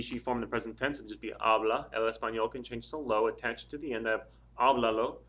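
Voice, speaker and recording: A man's voice: mid-range voice, pushed and bright. A man teaching a Spanish grammar lesson in a casual, patient way, working through examples one step at a time with frequent ums and uhs. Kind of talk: casual classroom explanation.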